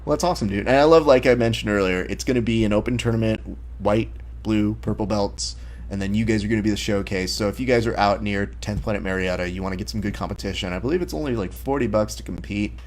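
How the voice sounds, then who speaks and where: A fairly low-voiced man hosts a relaxed interview. He tells his stories with real energy and jumps into the voices of the people he quotes. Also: fast, a little hiss or hum. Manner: animated storyteller who acts out quoted lines. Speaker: podcast host. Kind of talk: casual interview chat.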